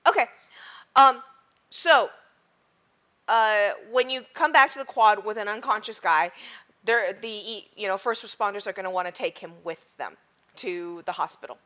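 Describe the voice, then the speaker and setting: A woman's voice: medium pitch, moderate pace, sharp tone. A woman narrating as game master of a tabletop game, chatty with frequent ums. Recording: dull lo-fi audio.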